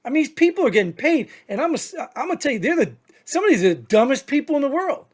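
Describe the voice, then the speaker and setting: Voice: high-pitched, very animated, quick pace. Veteran co-host, heated political rant: blunt, insulting, repetitive rhetorical questions. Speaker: podcast co-host, military veteran. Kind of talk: opinionated political commentary.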